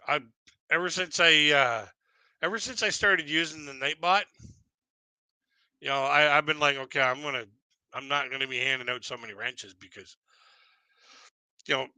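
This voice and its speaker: A man's voice: on the high side, sharp tone, clear, resonant tone, no room sound, low-quality recording. A man hosting a livestream, telling stories in a rambling, casual way with many restarts and chuckles. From Canada. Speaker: livestream host. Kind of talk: casual storytelling chat.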